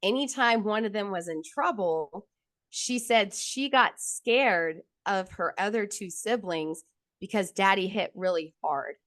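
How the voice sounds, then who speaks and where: A woman in her thirties telling her own story in candid conversation, blunt and profane, getting animated when she quotes others. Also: medium pitch, measured pace, no echo.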